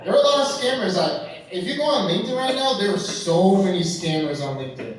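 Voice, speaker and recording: A man doing a stand-up set, animated and swearing freely as he talks straight to the audience from a club stage. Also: sits high, quick pace, heavy background noise. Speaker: stand-up comedian. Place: nightclub stage. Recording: echoey club recorded from far off.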